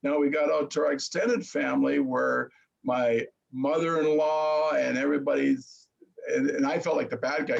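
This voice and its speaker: A middle-aged man telling his story earnestly in casual chat, halting and restarting. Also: mid-range voice, steady tone, gravelly, highs cut off. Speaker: guest.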